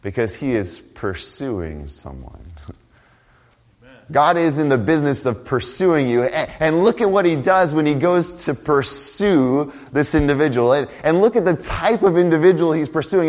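Preaching in a conversational way, this pastor moves from booming, emphatic statements to soft, low asides, with big pitch swings at a moderate pace.

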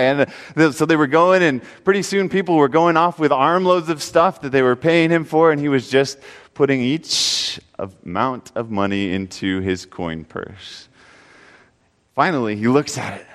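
Male pastor, animated storyteller, fairly high voice, reverberant church. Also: normal speed. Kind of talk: sermon with storytelling.

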